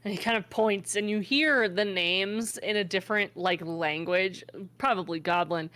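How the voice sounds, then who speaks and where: A woman's voice: mid-range voice, moderate pace, hardly any pauses, a bit bright. A woman narrating a tabletop game as game master. She is chatty and fills her talk with "um" and "like". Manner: chatty, full of fillers and laughs.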